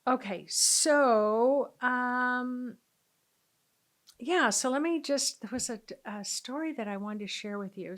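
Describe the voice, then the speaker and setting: A woman's voice: fairly high pitch, slow pace, a bit bright. A middle-aged woman, a spiritual teacher, telling a personal story in an earnest, conversational way with frequent fillers.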